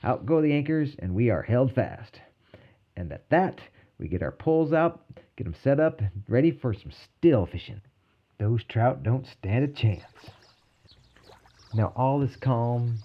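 A man narrating a personal story in a calm, wry way. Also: medium pitch, measured pace, muffled recording.

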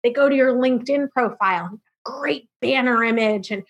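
A woman in her thirties, a marketing firm founder, telling her career story in an upbeat, lively way as a podcast interview guest. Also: on the high side, lo-fi sound. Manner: upbeat storytelling, quick asides and laughs. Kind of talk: interview answers.

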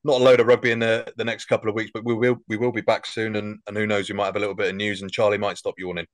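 A man's voice: fairly low pitch, little pitch movement, rapid-fire, no echo. A man hosting a podcast, easygoing as he puts questions to his co-host. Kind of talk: casual podcast chat.

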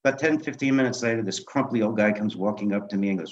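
A middle-aged man with a low, steady voice tells his stories in an animated way, jumping into the voices of the people in them. The audio is dull and slightly lo-fi, like a modest interview recording. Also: quick pace. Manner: animated anecdotes, acting out quoted dialogue. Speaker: guest, film director and memoir author. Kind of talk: conversational storytelling interview.

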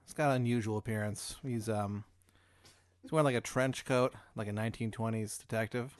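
A man hosting a comedy podcast, telling a hypothetical scene to his guest in a deadpan, casual way. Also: on the low side, a little fast, no echo. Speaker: podcast host posing hypotheticals.

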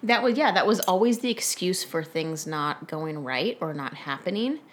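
A woman with a somewhat low voice talks things through in casual conversation. She is frank and reflective, working her thoughts out loud with plenty of fillers. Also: expressive, normal speed. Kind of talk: casual chat.

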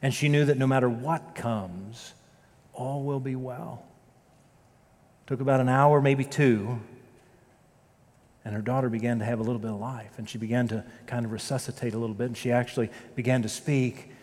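A man preaching a sermon as pastor, telling a story with dramatic loud peaks and quiet, slow prayerful passages. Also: medium pitch, fairly even intonation. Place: church sanctuary. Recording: long reverb of a church sanctuary.

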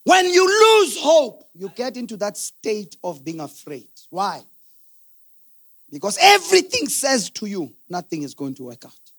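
A middle-aged man preaching a sermon, swinging from shouted, sing-song peaks to low, quiet asides. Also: wildly swooping pitch, a little slow, no echo, clean studio sound. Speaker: pastor.

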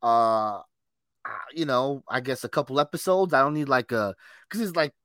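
Animated, laughing male podcast co-host. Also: medium pitch, normal speed, no room sound, studio quality. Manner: laughs often, swears casually, calls his co-host bro. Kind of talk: casual pop culture chat.

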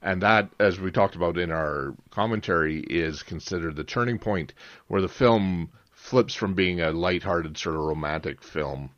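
A man's voice: sits low, moderate pace, a bit bright, no room sound. A man co-hosting a casual film podcast, rambling and restarting his sentences. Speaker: podcast co-host. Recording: dull, lo-fi dry sound.

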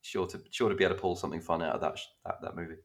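A man's voice: low voice, fairly even intonation, rapid-fire. A man co-hosting a casual podcast, chatty and given to casual swearing as he retells scenes. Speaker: podcast co-host. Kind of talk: casual chat.

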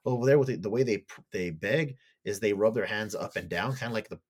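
Man, deep voice, casual podcast chat, swears a lot, rambling plot recap. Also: fast, husky. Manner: loose, profane storytelling; acts out characters' lines in a raised voice. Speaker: podcast co-host.

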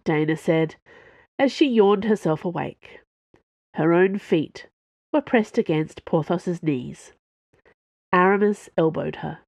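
Calm woman narrator reading a novel aloud. Her voice sits fairly low and moves slowly. The sound is dry and close, with no room at all. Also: gravelly, dry recording. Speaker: audiobook narrator. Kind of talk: scripted narration.

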